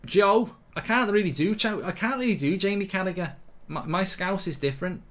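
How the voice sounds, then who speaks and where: A man hosts a live football watchalong in a fairly high voice. His talk is loose and chatty, and he circles back to the same point again and again. Between plays he reads viewer comments aloud. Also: expressive, fairly quick, fairly bright tone. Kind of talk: casual live match commentary and chat.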